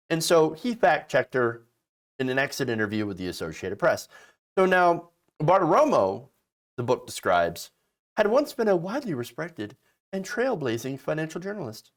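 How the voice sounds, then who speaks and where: A man's voice: fairly high pitch, very animated, normal speed. A man hosting casual political commentary, sarcastic and mocking, slipping into exaggerated voices to ridicule people.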